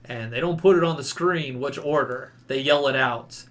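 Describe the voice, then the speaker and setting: A man's voice: mid-range voice, normal speed. A man telling trip stories in casual podcast chat, acting out quotes and laughing as he goes. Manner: animated storyteller, acts out quotes with laughter. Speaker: podcast guest recounting a trip.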